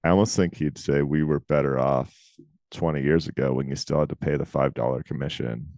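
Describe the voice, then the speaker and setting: A man co-hosting a podcast in casual chat, talking emphatically with quick asides. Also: very deep voice, steady tone, a little mellow, dry recording. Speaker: podcast co-host.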